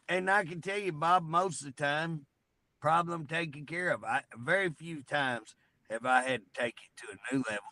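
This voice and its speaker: A man's voice: on the high side, moderate pace, bright, forceful tone, dry recording, rough recording. A man, co-hosting a casual talk show and telling folksy stories. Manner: folksy storyteller. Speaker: co-host.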